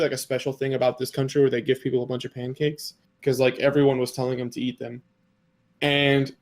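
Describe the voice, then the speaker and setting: A man co-hosting a casual podcast, telling an anime episode's story in a rambling way with many fillers and quoted lines. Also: mid-range voice. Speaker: podcast co-host.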